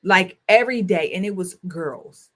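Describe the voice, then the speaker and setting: A woman's voice: on the low side, expressive, moderate pace, fairly bright tone. A woman in her thirties hosting a casual livestream, talking emphatically, repeating her phrases and speaking straight to her viewers. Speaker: talk show host and school counselor.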